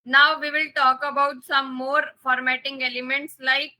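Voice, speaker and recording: A woman's voice: high voice, flat delivery, moderate pace, pushed and bright, low-quality recording. A woman with an Indian English accent teaching a live coding lesson, repeating key points and checking that students understand. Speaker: coding instructor.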